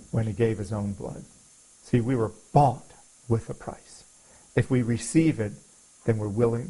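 A man's voice: medium pitch, darkish tone, rough recording. A man preaching a sermon in an earnest, confessional way, quoting scripture and repeating phrases for emphasis.

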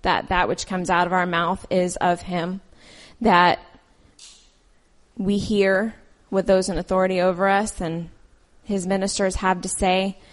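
A woman's voice: lowish voice, level tone, measured pace. A woman reading scripture aloud, then preaching in an earnest, conversational way with personal stories. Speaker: lay preacher.

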